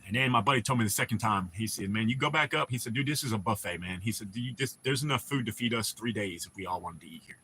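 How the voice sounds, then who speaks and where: A man's voice: on the low side, quick pace, few pauses, sharp tone, a little hiss or hum. A young American man hosting a casual livestream, telling rambling, profane stories to his chat. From United States. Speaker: livestream host.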